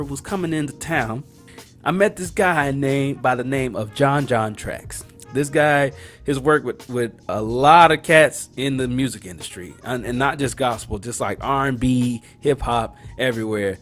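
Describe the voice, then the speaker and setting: A man hosting a podcast, telling a story casually with slang and acting out the voices and reactions of the people in it. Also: medium pitch. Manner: animated, acts out dialogue and reactions; slangy, conversational. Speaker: podcast host.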